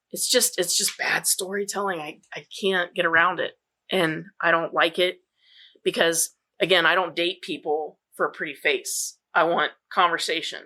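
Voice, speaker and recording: A woman co-host talking through a film in casual chat, blunt and opinionated. Her voice is bright and forward, and she hammers each point home with emphatic repetition. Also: on the low side. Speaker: podcast co-host. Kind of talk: casual movie review chat.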